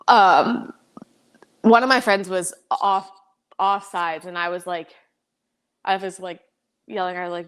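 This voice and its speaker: A young American woman in casual interview chat, talking fast with many "like" fillers and frequent laughs. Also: fairly low pitch, clean tone. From United States. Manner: chatty, lots of "like" fillers, laughs often. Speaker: podcast guest, pro soccer player.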